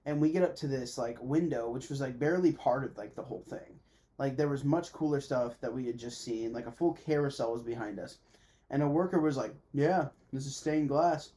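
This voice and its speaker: A man with a mellow, dark voice at middle pitch chats casually as a podcast co-host. He tells stories in a relaxed, conversational way and drops in dry, joking asides. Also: fairly quick. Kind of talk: casual chat.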